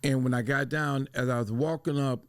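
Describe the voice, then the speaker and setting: A man's voice: mid-range voice, fairly even intonation, normal speed, smooth, dry recording. A middle-aged man from Detroit, a podcast co-host, talking in a casual discussion and telling stories with many restarts.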